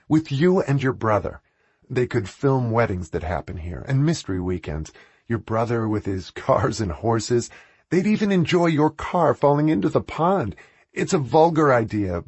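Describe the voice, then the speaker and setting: Meek, earnest woman in a storybook, voiced by a man, lively but low-key. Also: husky, dry recording. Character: earnest woman pitching ideas, meek and shy.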